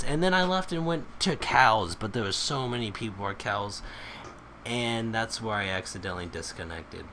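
Excitable man narrating his gameplay. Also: on the low side, normal speed, slight background noise. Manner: excitable, exclaims often and swears freely. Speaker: gamer recording his play. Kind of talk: casual gameplay vlog. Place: at home at his computer.

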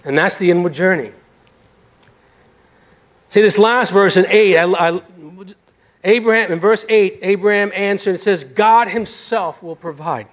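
A middle-aged male pastor preaching a sermon about his own life, telling it in an animated, self-deprecating way. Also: high voice, moderate pace, pauses often. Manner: animated storyteller, acts out voices, self-deprecating humor. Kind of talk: sermon with personal testimony. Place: church sanctuary.

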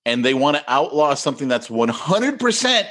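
A man's voice: on the high side, sing-song, moderate pace, a bit bright. Plain-spoken man co-hosting a podcast. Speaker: podcast co-host. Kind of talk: casual podcast chat.

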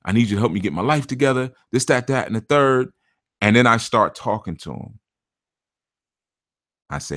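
Blunt low-voiced man teaching. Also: very animated, a little fast, no room sound, clean studio sound. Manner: blunt, acts out clients' voices. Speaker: spiritual teacher and reader. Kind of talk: casual spiritual talk.

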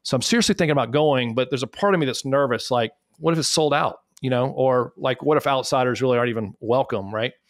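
A man from South Carolina with a Southern US accent, a podcast guest telling animated, self-deprecating anecdotes. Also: mid-range voice, fast, hardly any pauses, no echo, studio quality. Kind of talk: storytelling in a podcast interview.

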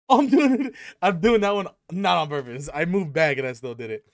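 A young man chatting to camera at home in a rambling, joking way, swearing freely and filling gaps with ums. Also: on the high side. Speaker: gaming YouTuber. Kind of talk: casual rambling vlog to camera. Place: at home with his dog. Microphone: headset.

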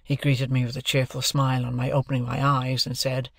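Male audiobook narrator, measured even reading, mid pitch, dry close recording. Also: vocal fry, no room sound.

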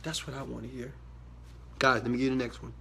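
A man giving a motivational talk to his viewers, emphatic and preachy, swinging from quiet asides to loud shouted bursts. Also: medium pitch, level tone, quick pace, gravelly, a little hiss or hum. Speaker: motivational speaker.

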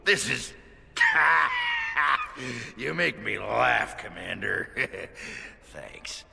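An actor playing a crude, gruff dwarf warrior in a video game, with a gravelly voice. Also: male voice, medium pitch, huge pitch swings, extremely slow, sharp tone, big-room sound, exaggerated voice. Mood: jokey.

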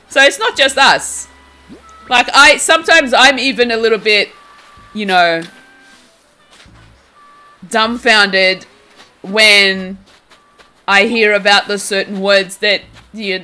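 A young woman talks with a bright, forceful tone and an unhurried, drawn-out delivery. She chats and giggles as she streams a game, teasing the people in her chat. Faint game music plays quietly underneath her voice. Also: mid-range voice. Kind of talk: casual live-stream chat while playing.

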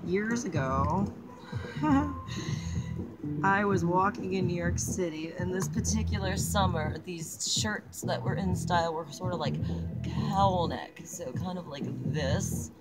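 Chatty, swearing woman vlogger over loud music. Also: fairly low pitch, slow pace. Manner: chatty, swears, laughs often, self-mocking. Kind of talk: casual chat while crafting. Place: outdoors on a mountain. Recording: loud music playing behind.

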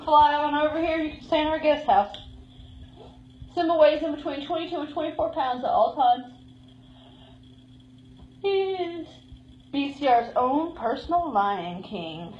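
A woman's voice: high-pitched, highs cut off, slight background noise. A woman giving a live tour of a cat shelter, cooing and baby-talking to the cats as she goes. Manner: coos and baby-talks to cats.

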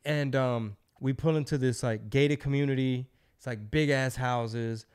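A middle-aged man hosting a podcast and spinning a long anecdote. He talks in a loose, profane style and throws himself into the voices of the people in his story. His pitch sits at an ordinary middle range for a man. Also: a little slow, smooth. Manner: loose, profane, animated storyteller who acts out quotes. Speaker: podcast host. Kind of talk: casual storytelling.

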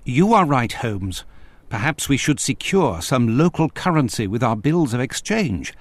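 An actor playing Dr. Watson, an eager, formal English gentleman in a game. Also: medium pitch, measured pace, no room sound. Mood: enthusiastic. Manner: lively, formal, upbeat. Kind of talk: game voice acting.

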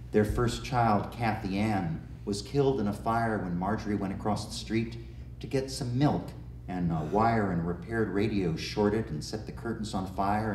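A man's voice: fairly low pitch, darkish tone, slight background noise. A man who tells folk stories and leads the audience in a sing-along, speaking in a folksy, teacherly manner. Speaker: folk singer and storyteller. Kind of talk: storytelling and leading a sing-along. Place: community television studio or stage. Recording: roomy echo, voice heard from a distance, with guitar. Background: guitar.

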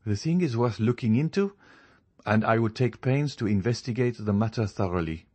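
A man voicing a calm, faintly mocking young male journalist in an audiobook, speaking in a composed, measured way. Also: fairly low pitch, voice pushed up. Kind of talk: audiobook character reading.

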